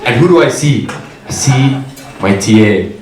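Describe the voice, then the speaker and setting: A young man telling a profane, animated stand-up story on a comedy club stage. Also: mid-range voice, unhurried, recorded from a distance. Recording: echoey club with crowd laughter. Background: audience laughter.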